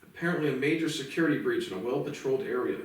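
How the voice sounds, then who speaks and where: A man's voice: medium pitch, lively intonation, very fast. A man in his late twenties ranting bitterly to camera in a profane personal monologue. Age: late 20s. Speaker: vlogger. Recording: echoey room from far off.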